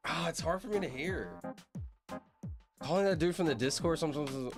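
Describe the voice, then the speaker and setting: A man's voice: mid-range voice, sing-song, fairly quick, over music. A man chatting casually on a livestream, rambling, laughing often and apologizing a lot to his chat. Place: at his computer streaming.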